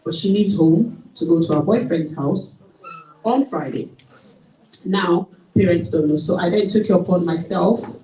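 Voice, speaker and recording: A Nigerian woman gives an animated, story-filled seminar talk in a mellow voice. She is picked up from some distance in a reverberant church hall, with faint room noise behind her. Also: fairly low pitch. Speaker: college tutor speaking at a parenting seminar. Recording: echoey hall, mic from a distance.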